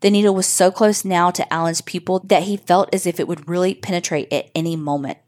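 A woman narrates a horror story in a steady, measured way. Her voice sits on the low side for a woman. The telling is scripted and even. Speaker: podcast host reading a listener story.

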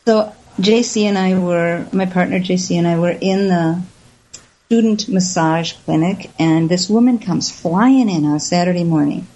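A woman guest telling stories in an interview, lively, and she acts out the voices of the people she quotes. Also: on the low side, moderate pace. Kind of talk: storytelling in an interview. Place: lives in the Southwest US. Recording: slightly dull lo-fi audio.

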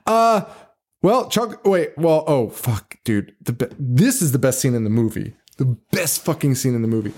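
A man's voice: mid-range voice, moderate pace. A man hosting a podcast, chatting casually about a movie, swearing freely and laughing often. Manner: profane, excitable, laughs often. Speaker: podcast host.

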